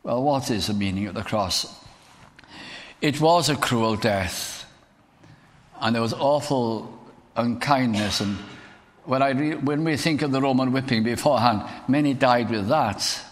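A man preaches earnestly and builds at times into emphatic declamation. His voice sits at a middling pitch. The sound carries the long reverb of a church hall. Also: measured pace. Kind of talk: sermon.

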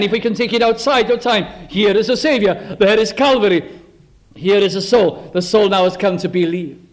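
A man delivers a sermon in a high, unhurried voice. He preaches earnestly and tenderly, lingering on emphatic phrases and sinking to a quiet hush when he makes a point. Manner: drops to a hushed low voice on key words.

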